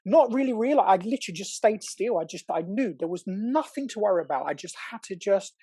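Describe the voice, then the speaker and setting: Excitable man with a husky voice. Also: sits high, quick pace, dry recording. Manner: animated, excitable, swears, acts out quotes. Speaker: podcast guest. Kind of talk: casual storytelling chat.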